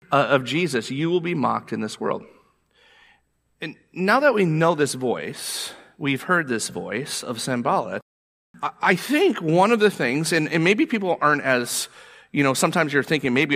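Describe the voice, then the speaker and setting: A man preaching a sermon as pastor, animated and emphatic, repeating his points for weight. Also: fairly high pitch.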